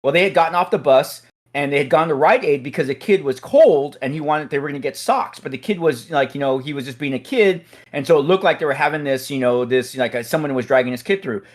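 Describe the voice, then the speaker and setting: Male host, slightly high voice, animated storyteller who builds to loud punchlines. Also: fast, hardly any pauses. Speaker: host, SWAT officer. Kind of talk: casual storytelling chat.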